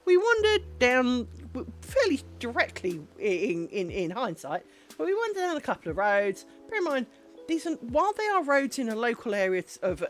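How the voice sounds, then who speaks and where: A woman talks casually on her home crafting livestream, drifting from one anecdote to the next with plenty of ums and restarts. Her pitch swoops up and down as she tells the story. Faint music plays quietly behind her. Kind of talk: casual chat while crafting. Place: home craft stream setup.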